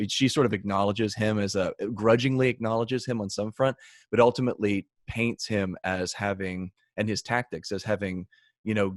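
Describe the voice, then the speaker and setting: A man co-hosting a podcast, laying out an argument in a measured way. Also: lowish voice, dry recording, studio quality. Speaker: podcast co-host. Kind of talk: casual discussion.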